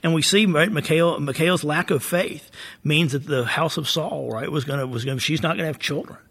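A man's voice: on the high side, fairly quick, fairly bright tone, husky. A man with a Southern US accent discussing scripture in a casual Bible study conversation, often adding "right?" and laughing easily. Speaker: co-host of a Bible study podcast.

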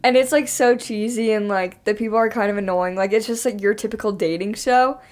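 A woman's voice: medium pitch, steady tone, a little fast. A young woman co-hosting a casual podcast, upbeat, filling her talk with "like". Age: young adult. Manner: upbeat, says "like" a lot. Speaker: podcast co-host.

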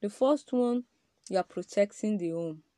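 Woman lecturing men about marriage, mellow dark voice, dry close sound, keeps asking "you understand". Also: medium pitch, moderate pace, no echo. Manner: emphatic, addresses men directly, rhetorical questions. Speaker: podcast speaker on marriage. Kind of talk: preaching-style talk.

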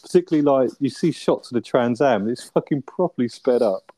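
A man's voice: mid-range voice, animated, brisk, dark tone, dry recording. A man, co-hosting a casual film review chat, laid-back and sweary, often ending with tag questions. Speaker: podcast co-host.

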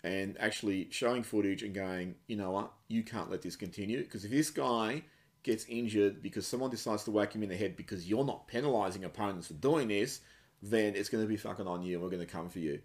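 Man, slightly low voice, sweary, blunt, ranting, casual sports chat. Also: fairly quick. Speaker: podcast co-host.

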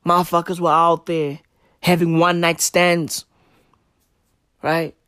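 A man from South Africa doing a satirical comedy monologue in heavy slang, ironic, building to loud outbursts. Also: a little high, little pitch movement, slow pace, smooth, dry recording, studio quality.

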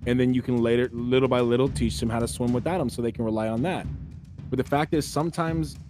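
A man's voice: mid-range voice, fairly even intonation, quick pace, a little mellow, faint music behind. A man hosting a podcast, delivering an earnest, sermon-like spiritual monologue that exhorts listeners as brothers and sisters. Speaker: podcast host.

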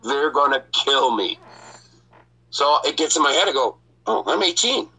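Male host, bright and forceful tone, loose profane storytelling. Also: mid-range voice, moderate pace, slightly rough, low-quality recording. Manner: profane, laughs often. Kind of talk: casual storytelling.

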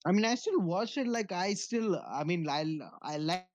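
A man with a fairly high voice, chatting casually about movies. He laughs often, rambles and swears freely. The recording is dry and close. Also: lively intonation, moderate pace, no room sound.

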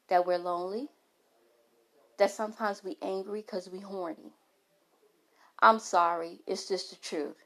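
A middle-aged woman vlogger speaks candidly to camera in a bright, forceful, mid-range voice. She addresses her followers frankly and emphatically, often restarting her sentences.

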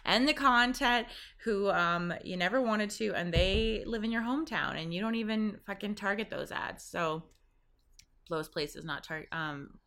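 A woman's voice: medium pitch, a little slow, bright, forceful tone. A woman from Canada, hosting a podcast in a rambling, profane, casual chat and laughing at her own jokes. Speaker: podcast host.

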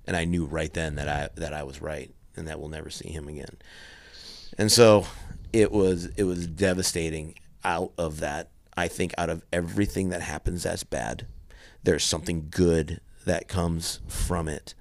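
A middle-aged man with a very deep, gravelly voice talks in a low, even tone with little rise and fall. He tells a personal story earnestly and haltingly, often stopping and restarting his sentences. The sound is close and dry. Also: dry recording. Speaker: guest telling a personal story. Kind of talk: candid conversational storytelling.

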